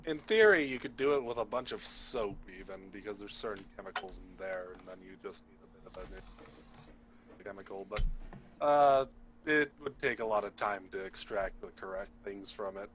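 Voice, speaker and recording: A man's voice: fairly low pitch, lively intonation, normal speed, a bit bright, slight background noise. A man playing in a tabletop role-playing game, casual and chatty. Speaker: player.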